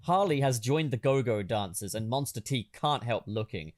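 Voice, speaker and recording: Animated male host, comedic script reader, crude and jokey. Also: medium pitch, moderate pace. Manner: joking, swears, laughs a lot.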